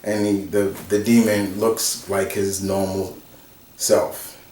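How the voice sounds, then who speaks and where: A man casually retelling a story off the cuff, rambling with restarts and quick laughs. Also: deep voice, little pitch movement, a little mellow, a little hiss or hum. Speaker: channel host retelling a fan story. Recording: roomy, from a distance.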